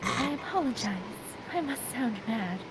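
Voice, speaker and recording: A woman doing a timid, apologetic young lady, high-voiced. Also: expressive, moderate pace, very noisy, natural voice. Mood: hesitant. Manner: hesitant, formal, apologetic. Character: timid, polite young woman of strange appearance. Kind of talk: amateur voiced game read-through.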